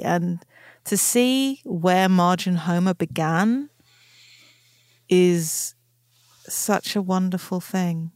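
A woman's voice: on the low side, slow, pauses often, a little mellow, no room sound. Gushing woman podcast co-host, dry sound. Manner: enthusiastic, gushing, quotes lines aloud. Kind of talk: casual chat.

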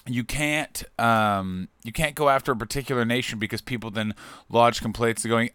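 Rambling jokey man, smooth dry voice. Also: mid-range voice, normal speed, few pauses, no echo. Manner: rambling, jokey, loud bursts of excitement. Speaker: podcast host. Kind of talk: solo comedic podcast monologue.

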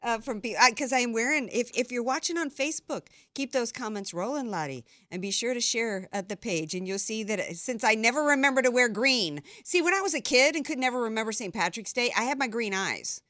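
A woman's voice: fairly high pitch, expressive, brisk, few pauses, fairly bright tone, no echo. Woman, talk radio host, rambling, chatty, studio mic, dry sound. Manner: chatty, rambling, many restarts. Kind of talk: political talk radio monologue. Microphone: studio microphone.

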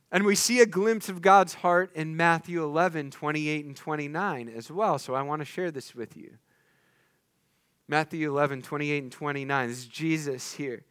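Pastor guy preaching, kinda high voice, earnest, lots of what-if questions, goes quiet when he prays. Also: no room sound, studio quality. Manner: earnest, asks many rhetorical questions; soft and hushed in prayer. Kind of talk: sermon with closing prayer.

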